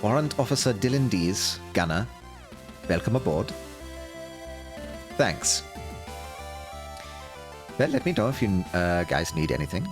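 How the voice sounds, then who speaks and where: A man voicing an easygoing male submarine gunner with a put-on German accent, a bit lower than his own voice. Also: lively intonation, measured pace, pauses often. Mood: laid-back. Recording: game music underneath.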